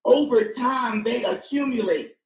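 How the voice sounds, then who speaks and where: Emphatic high-voiced man in echoey room. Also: measured pace. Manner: emphatic, repeats points for stress. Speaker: panel guest. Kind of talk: casual panel discussion.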